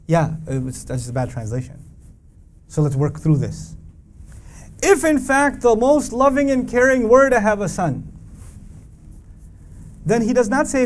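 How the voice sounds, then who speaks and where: Male Quran teacher, raised pitch, animated lecturing style that recites Arabic verses, faint background noise. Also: unhurried, long pauses. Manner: animated, asks the audience rhetorical questions; recites Arabic verses between English explanation. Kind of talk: religious lecture to a live audience.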